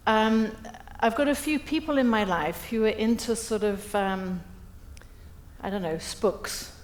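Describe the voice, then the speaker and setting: A woman's voice: on the high side, unhurried. A middle-aged woman giving a humorous, self-deprecating storytelling speech at a breakfast event. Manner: lively, self-deprecating, acts out quotes. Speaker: keynote speaker. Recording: echoey event hall.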